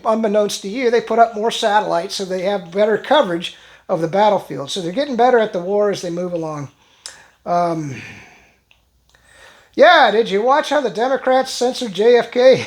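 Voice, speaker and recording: Rambling woman vlogger, fairly high voice. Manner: rambling, with frequent fillers and restarts; chuckles while talking. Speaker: channel host. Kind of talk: casual vlog commentary.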